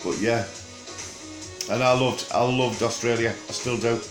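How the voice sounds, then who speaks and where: A man's voice: mid-range voice, fairly even intonation, over music. Rambling older man, Teesside accent, echoey. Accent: Teesside English. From England. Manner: rambling, jokey and chatty, with frequent filler pauses. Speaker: vlogger. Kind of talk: casual rambling chat to camera.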